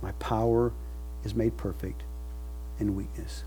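Man, preacher, mellow husky voice, faint music underneath, swells loud then drops soft. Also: on the low side, little pitch movement, measured pace, rough recording. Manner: preaching with swelling emphasis, dropping soft at phrase ends; leads congregation in recited scripture. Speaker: pastor. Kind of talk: sermon.

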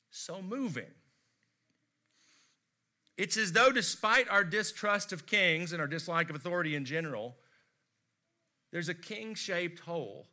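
An American man preaching a sermon, telling stories expressively and swinging from loud emphasis to hushed tones. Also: high-pitched. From United States. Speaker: pastor.

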